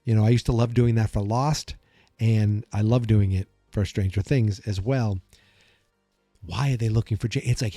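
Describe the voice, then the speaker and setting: Excitable man rambling on a podcast. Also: lowish voice, normal speed, dry recording, soft background music. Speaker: podcast host. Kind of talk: casual solo podcast commentary.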